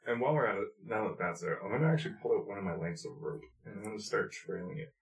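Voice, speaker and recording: A man playing a tabletop game, talking in a measured, casual way. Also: on the low side, lively intonation. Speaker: player. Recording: echoey room.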